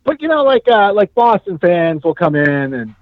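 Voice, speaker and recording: A man hosting a casual sports chat, rambling and animated, from Southern California. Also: sits high, normal speed, no room sound. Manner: animated, rambling, mocks fans in put-on voices. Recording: dull dry podcast audio.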